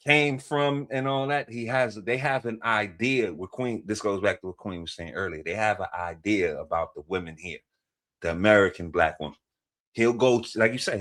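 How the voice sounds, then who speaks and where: A man co-hosting a reaction show, talking in a slangy, animated way as he reacts to clips. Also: lowish voice. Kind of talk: casual reaction commentary.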